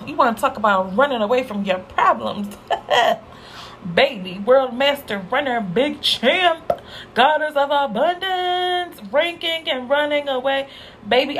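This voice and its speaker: A young adult woman hosting a casual solo podcast, talking candidly in slang, laughing often and jumping up in pitch for emphasis. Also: a little hiss or hum, poor audio. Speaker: podcast host.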